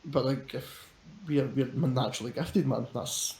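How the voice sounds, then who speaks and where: A man's voice: mid-range voice, unhurried, darkish tone. A man chatting on a podcast, rambling and swearing, often restarting his sentences. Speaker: podcast panelist. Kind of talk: casual chat. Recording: echoey room with a crowd behind.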